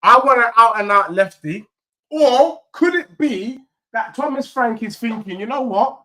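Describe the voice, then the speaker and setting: A young man hosts a football fan stream, trading heated, teasing banter with viewers in rapid-fire bursts. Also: very high voice, lively intonation, sharp tone. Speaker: football fan channel host. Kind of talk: animated live fan chat reacting to viewers.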